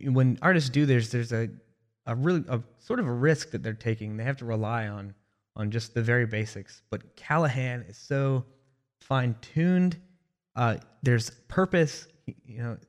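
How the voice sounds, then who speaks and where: Male co-host, casual music review talk, hesitant and thoughtful delivery. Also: medium pitch. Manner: thoughtful, hesitant, with many fillers and restarts. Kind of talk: casual album review chat.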